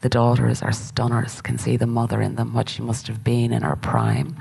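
A woman's voice: a bass voice, flat delivery, normal speed, creaky, darkish tone, husky, exaggerated voice. A woman reading a play aloud, voicing a brutal, lustful middle-aged warrior king in a blunt, boastful way. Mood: leering.

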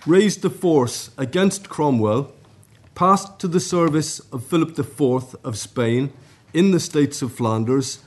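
Male academic, mid pitch, measured scripted conference talk. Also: darkish tone. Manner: measured, formal reading pace. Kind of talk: scripted academic paper reading. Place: conference room.

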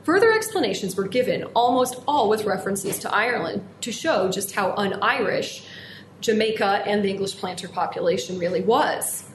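A woman's voice: medium pitch, expressive, reverberant, slight background noise. Woman reading a formal history lecture. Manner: measured, formal delivery with quoted sources. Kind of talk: reading an academic history talk.

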